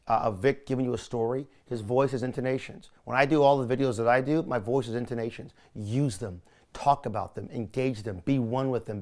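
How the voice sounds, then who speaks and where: A man coaching a student on camera technique. His delivery is energetic and pitched like a salesman's, with big rises and falls in intonation as he drives each point home. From California. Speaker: video coach. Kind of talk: coaching session.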